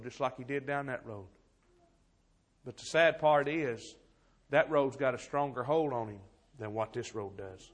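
A man preaching an impassioned sermon, moving between loud exhortation and quiet, heavy storytelling. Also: on the high side. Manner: impassioned, swings from shouting to hushed storytelling. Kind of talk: fiery revival sermon.

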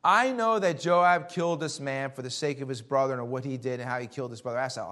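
A man preaching a sermon and reading scripture, throwing out rhetorical questions and swinging between loud emphasis and hushed warnings. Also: medium pitch, fast talker. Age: adult, Army veteran.

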